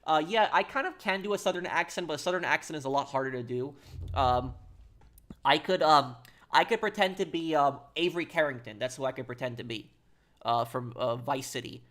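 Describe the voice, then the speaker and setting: A man's voice: fairly high pitch, a bit bright. Rambling man chatting on a game stream. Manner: rambling, halting, answers chat aloud. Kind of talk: casual live-stream chat.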